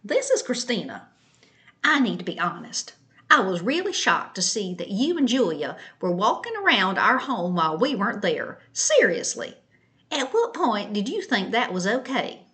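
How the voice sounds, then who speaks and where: A woman's voice: medium pitch, big pitch swings, moderate pace, fairly bright tone. A woman voicing her indignant, passive-aggressive sister-in-law, reading out a message in a snippy, condescending tone. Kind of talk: mocking read-aloud of a message.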